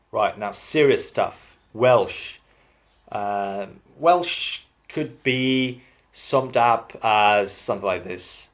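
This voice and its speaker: A man's voice: fairly low pitch, drawn-out words. A young man from Spain, chatting casually in a vlog about accents, with a self-deprecating tone and frequent hesitations. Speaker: vlogger.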